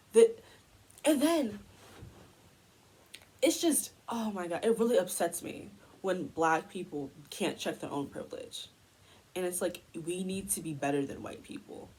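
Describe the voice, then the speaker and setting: A woman's voice: lowish voice, a little mellow, slightly rough, rough recording. A young woman from the United States delivering a heated, exasperated commentary rant as a vlogger.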